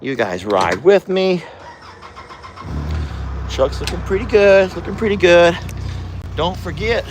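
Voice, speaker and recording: A vlogger talks in a chatty, easygoing way while working on a ranch outdoors, cooing affectionately at the animals. Their mid-range voice has lively intonation, takes its time, and pauses often over background noise.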